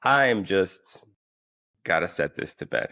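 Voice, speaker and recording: A man's voice: sits low, very animated, slow, bright, forceful tone, dry recording. A man telling a funny story in a rambling, profane way, full of fillers and restarts, sounding a little tired. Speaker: podcast host. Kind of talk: casual comic storytelling. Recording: dull lo-fi, dry sound.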